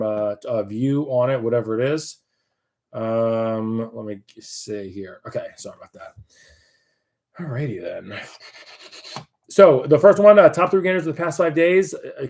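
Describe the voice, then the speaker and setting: A man's voice: mid-range voice, darkish tone. A man giving casual live market commentary, chatty and loose, with many fillers and restarts.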